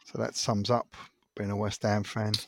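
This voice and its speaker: A man's voice: lowish voice, flat delivery, normal speed, creaky, slight background noise. A man co-hosting a football podcast, chatting in an easygoing way. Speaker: podcast co-host. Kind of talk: casual chat.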